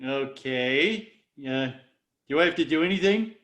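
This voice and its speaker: A man voicing a dim-witted, cheerful cartoon dad in a table read, goofy and excitable. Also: a little high, measured pace. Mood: oblivious.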